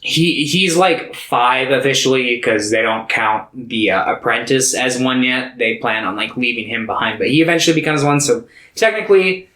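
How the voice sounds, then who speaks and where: A man's voice: mid-range voice, normal speed, few pauses, bright, forceful tone, echoey room, poor audio. A man co-hosting a podcast, casually recapping a film with loose, profane, filler-heavy talk. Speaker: podcast co-host. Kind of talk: casual movie chat.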